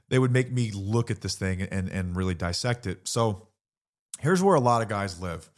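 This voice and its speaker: A middle-aged man with a low-pitched voice hosts a candid talk. He is blunt and earnest, pushes his point hard, and swears casually as he goes. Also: animated, unhurried, long pauses. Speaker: podcast host.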